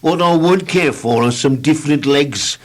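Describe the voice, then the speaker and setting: Mournful, sighing tall man, slow delivery, husky edge; man reads him. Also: on the high side, pitched above the performer's own voice, close to an everyday voice. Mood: gloomy. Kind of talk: storybook tape reading.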